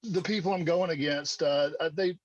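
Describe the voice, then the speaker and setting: A man in his thirties with a Mississippi drawl, a relaxed interview guest on a video call who calls people man and dude. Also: a little high, normal speed, highs cut off. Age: 30s. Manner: laid-back drawl, says man and dude a lot. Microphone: computer video call.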